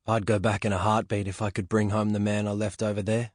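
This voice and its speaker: A man reading a literary novel aloud in the first person, reflective and measured, at a close studio microphone. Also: lowish voice, level tone, no room sound. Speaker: audiobook narrator.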